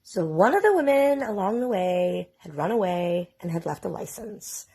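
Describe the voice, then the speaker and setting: A woman's voice: mid-range voice, expressive, normal speed, warm tone, breathy edge. A woman in her forties, a mother, casually telling a long family story into her phone, chatty and full of "like". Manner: casual, chatty, sprinkles in "like" and mild swearing. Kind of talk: storytime vlog.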